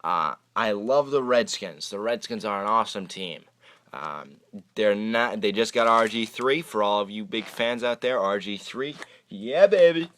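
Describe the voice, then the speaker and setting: A man's voice: fairly low pitch, moderate pace, bright, forceful tone. A young man hosting his own magic channel, answering viewer questions in a chatty, rambling way with many hesitant restarts. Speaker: YouTube magic channel host. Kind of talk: casual Q&A vlog. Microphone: camera microphone.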